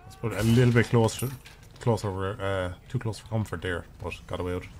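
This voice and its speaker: A man's voice: deep voice, steady tone, a little fast, a little mellow, a little hiss or hum. A man streaming a video game, giving casual, profane and rambling commentary with jokes as he plays. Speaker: gaming streamer.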